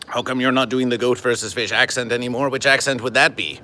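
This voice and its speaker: Man, livestream host, deadpan, oddly formal, crisp bright tone, mid pitch. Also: fast, slight background noise. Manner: deadpan, stilted formal phrasing, refers to himself in third person. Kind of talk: comedic livestream monologue to chat.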